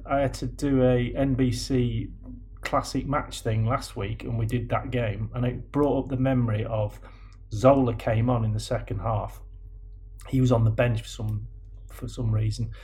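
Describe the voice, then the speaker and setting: A man, a former footballer telling animated stories with many restarts on a podcast. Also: medium pitch, husky. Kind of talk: casual storytelling chat.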